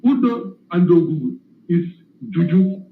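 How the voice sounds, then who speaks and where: An emotional man calls in and explains his point slowly and with emphasis. His voice is high, heard over a tinny phone line with a roomy echo. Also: lively intonation. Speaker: caller.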